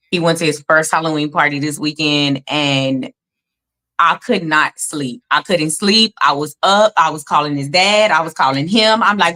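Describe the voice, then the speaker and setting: A woman's voice: low-pitched, normal speed, bright, forceful tone. A woman in her thirties and a mother, talking candidly and emphatically with lots of profanity in a casual livestream chat over a video call. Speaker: co-host and mother.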